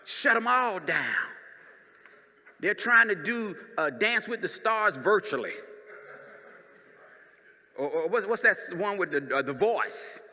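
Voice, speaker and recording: A male pastor preaching a sermon, moving between quiet teaching and loud, shouted preaching. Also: high voice, lively intonation, a little slow, pauses often. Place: church sanctuary. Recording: long church reverb.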